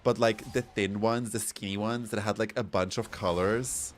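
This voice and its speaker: A man from Europe chatting casually while gaming, telling stories in a campy, animated way with swearing. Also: fairly low pitch, normal speed, slight background noise. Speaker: streamer.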